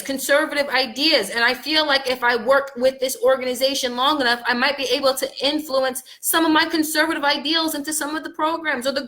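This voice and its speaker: Speaking straight into the camera, this female vlogger unloads in an angry, upset rant. Her delivery swings from shouted bursts down to low, hushed remarks in a casual monologue.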